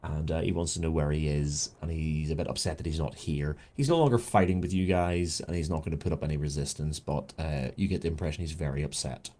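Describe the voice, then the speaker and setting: Low, mellow British game master. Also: male voice, fast talker, few pauses. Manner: relaxed, chatty, lots of fillers. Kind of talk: narrating a tabletop game.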